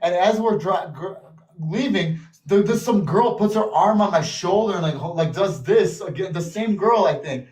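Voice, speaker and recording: An American man with a high-pitched voice tells his stories in a loose, animated way and acts out other people's lines in quotes. He sounds like he is in an echoey room. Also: normal speed, distant mic. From United States. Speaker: guest. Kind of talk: casual storytelling.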